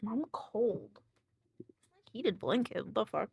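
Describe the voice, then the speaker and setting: A woman's voice: fairly high pitch, lively intonation, takes it slowly, creaky, darkish tone, breathy edge, no room sound. A young woman streamer chatting casually with her live chat in a sleepy, laid-back way, counting out exercise reps as she goes.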